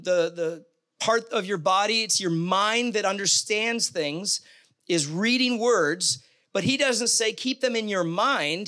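A man with a high, bright voice delivers a sermon in a church, talking easily and animatedly. He throws questions and asides out to the congregation as he goes. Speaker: pastor.

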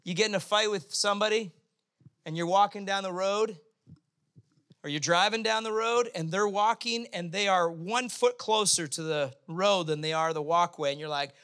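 A man preaching a sermon in a casual, humorous way, sometimes acting out quick voices. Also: high voice, fairly bright tone, clean tone. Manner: conversational, humorous preaching with sudden bursts of acted voices. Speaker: pastor.

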